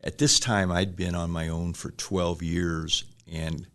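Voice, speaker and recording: A man's voice: sits low, flat delivery, slow pace, fairly bright tone. A middle-aged man, telling rambling business stories in a casual interview, acting out quotes with chuckles. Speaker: restaurant franchise owner, guest.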